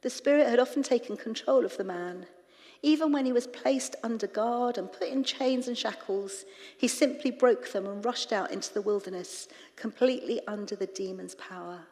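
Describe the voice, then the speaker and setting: A woman preaching in church, retelling scripture with lively, animated asides to the congregation. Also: fairly high pitch, moderate pace. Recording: reverberant church hall.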